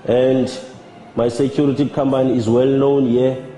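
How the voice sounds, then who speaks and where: A South African man gives a personal testimony at church, speaking in a measured, halting way with repeated words. His deep, mellow voice shows little pitch movement. The roomy recording has long reverb, like an echoing hall, and faint music.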